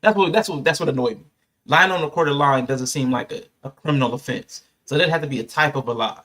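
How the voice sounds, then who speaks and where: A man's voice: mid-range voice, quick pace. A man co-hosting a casual podcast, joking and laughing as he reacts to clips. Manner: laughing, animated, repeats jokes. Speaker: podcast co-host.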